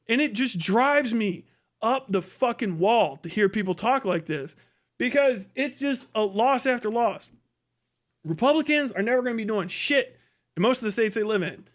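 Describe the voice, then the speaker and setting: High-voiced man in a profane rant. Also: animated, brisk, fairly bright tone. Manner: profane, heated, ranting. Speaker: livestream host. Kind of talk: livestream rant.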